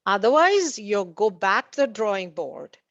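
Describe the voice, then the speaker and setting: A woman's voice: mid-range voice, very animated, a little slow, no room sound. A woman on a panel talks through her points in a loose, conversational way, stopping often for fillers and false starts. The recording is dull and dry, with no room sound around her voice. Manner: hesitant, many fillers and restarts, laughs at own anecdotes. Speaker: panelist at a community meeting.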